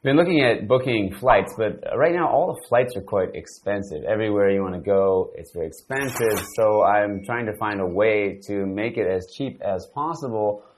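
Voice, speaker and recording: A man's voice: fairly low pitch, normal speed, few pauses, a little hiss or hum. A man with a Canadian accent co-hosting an English lesson, talking through a casual conversation game and thinking aloud as he goes.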